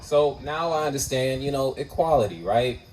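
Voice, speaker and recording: A man's voice: animated, normal speed, recorded from a distance, slight background noise, low-quality recording. Self-mocking man telling a stand-up story. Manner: conversational, self-mocking, swings into loud high exclamations. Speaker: stand-up comedian. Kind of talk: stand-up storytelling at an open mic. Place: open mic night venue.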